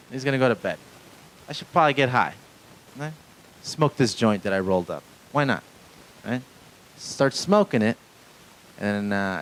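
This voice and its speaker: A man's voice: fairly low pitch, rough recording. Guy doing standup in a little club, rambly, swears a lot, picks on the crowd, some hiss on the mic. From Mexican-American family. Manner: rambling, self-deprecating, crowd work with frequent profanity. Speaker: stand-up comedian. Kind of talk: live stand-up comedy set. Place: small comedy club stage.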